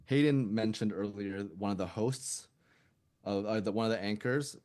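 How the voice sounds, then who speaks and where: Brief: male podcast quiz host, somewhat low voice, playful and chatty. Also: normal speed, a little mellow. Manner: asks trivia questions, laughs often. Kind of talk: casual podcast banter.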